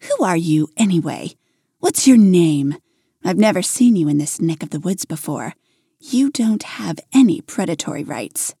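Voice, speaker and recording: A woman's voice: on the low side, sing-song, moderate pace, dark tone, husky, dry recording, studio quality, exaggerated voice. A woman playing a hissing vampire. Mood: scornful. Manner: hissing, scornful. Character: old haughty female vampire, hissing predator.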